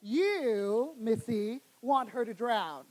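A woman's voice: fairly high pitch, expressive, slow pace, a little mellow. A woman acting in a live stage play as a cornered husband, exasperated, defensive and pleading. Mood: defiant. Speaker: stage actor. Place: theater stage.

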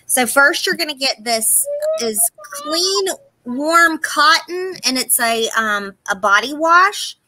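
A woman's voice: sits high, very animated, slow pace, bright, forceful tone, no room sound, low-quality recording. Chatty Southern woman selling a live auction lot. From Southern United States. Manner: chatty, laughing, reading out product names.

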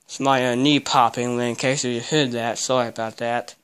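A man's voice: medium pitch, flat delivery, normal speed, a bit bright, clean tone. Swearing, grumbling young man cleaning. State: out of breath. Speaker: vlogger. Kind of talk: casual vlog while cleaning. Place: cluttered bedroom, indoors.

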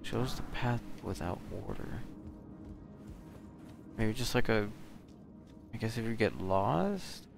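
Gravelly-voiced man reacting to gameplay. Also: mid-range voice, slight background noise. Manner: excitable, swears, talks to himself. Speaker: gaming video creator. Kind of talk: casual gameplay commentary. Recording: game music playing behind.

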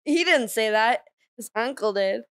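A woman's voice: fairly high pitch, lively intonation, measured pace, a bit bright, no echo, clean studio sound. A woman comedian guest on a podcast, playful and silly, laughing at her own jokes. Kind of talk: casual comedy podcast chat.

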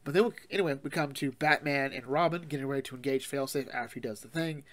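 A man hosting a casual comic book talk show, recapping the story in an animated, rambling way and acting out characters' lines. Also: medium pitch. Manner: animated, acts out characters' lines in quick voices; laughs often, rambling with fillers. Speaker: comic book podcast host.

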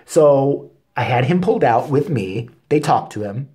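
A man's voice: medium pitch, lively intonation, a little slow, dark tone, husky. A man telling an angry story as a vlog rant, cursing constantly and getting worked up. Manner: angry, expletive-heavy storytelling. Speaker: vlogger. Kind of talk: profane comedic rant.

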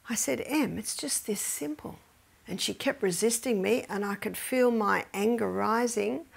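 A woman's voice: mid-range voice, creaky, breathy edge. A middle-aged woman gives a faith-based health lecture, telling stories with animation and often dropping to near-whispers.

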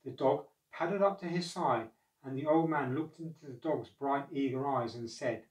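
A man narrating a storybook, measured and expressive. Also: medium pitch. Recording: echoey room, far from mic.

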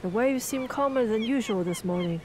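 A woman's voice: on the high side, expressive, a little fast, noisy background, natural voice. A woman voicing a pompous middle-aged male town mayor who speaks in a formal, old-fashioned way.

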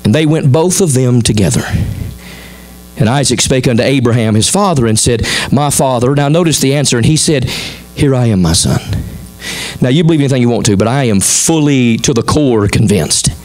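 Folksy animated Southern preacher man. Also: mid-range voice, a little fast, soft background music. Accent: Southern American. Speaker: pastor. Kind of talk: sermon.

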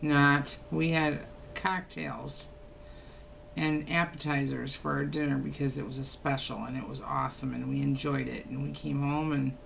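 A woman's voice: very deep voice, level tone, moderate pace, vocal fry, a little hiss or hum. An older woman, chatting casually to camera at home in a teasing, folksy way. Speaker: haul vlogger. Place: home, indoors.

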